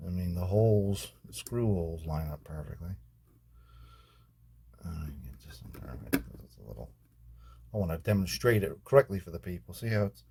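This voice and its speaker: A man with a lowish, darkish voice hosts a guitar repair video, chatting casually as he works. His talk rambles loosely and profanely, full of fillers like "man" and "you know what I mean," and he laughs at his own jokes.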